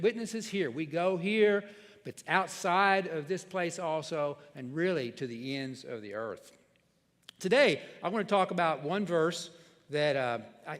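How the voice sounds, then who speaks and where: A man's voice: on the high side, in a large hall. A man preaching a sermon as pastor, in a plain, conversational way with frequent restarts. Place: church sanctuary.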